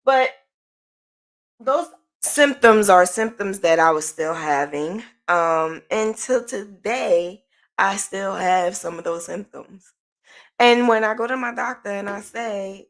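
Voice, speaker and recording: A woman's voice: medium pitch, slow. A middle-aged woman hosting a podcast, telling a personal story in a casual, rambling way with lots of "like" and "um". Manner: chatty, lots of "like" and "um", repeats herself. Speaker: podcast host.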